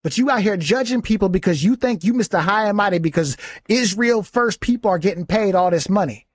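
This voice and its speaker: A man's voice: sits high, expressive, fairly quick, dry recording, studio quality. A man hosting a podcast, giving a heated, taunting, profane commentary monologue. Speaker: podcast host.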